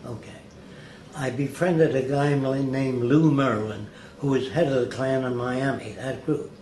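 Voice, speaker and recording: A man's voice: mid-range voice, unhurried. A man telling anecdotes as an interview guest, acting out the people he quotes. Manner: lively storyteller who acts out quoted people. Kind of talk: anecdotal storytelling. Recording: echoey room with faint hiss.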